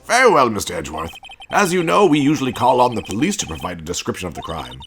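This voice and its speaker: A man's voice: medium pitch, very animated, fast talker, a bit bright, soft background music. A man voicing a flustered older male judge who speaks formally and gets rattled easily.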